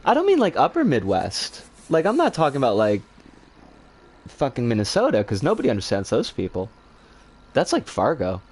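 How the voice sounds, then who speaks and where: Animated man with a wildly swinging voice. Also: on the high side. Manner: rambling and animated, with casual swearing. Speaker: streamer. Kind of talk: casual chat answering viewer comments.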